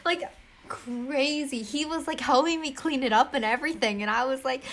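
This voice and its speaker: A woman's voice: high voice, moderate pace. A teenage girl co-hosting a podcast, telling stories in a casual, rambling way full of "like" and laughter. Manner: chatty storyteller, heavy use of "like", often laughs. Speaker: podcast co-host. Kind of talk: casual chat.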